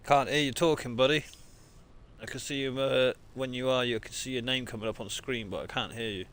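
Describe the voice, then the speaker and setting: A man's voice: mid-range voice, steady tone, a little fast, fairly bright tone. A man, chatting casually with viewers on a live game stream and greeting them as mate. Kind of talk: live-stream chat while gaming.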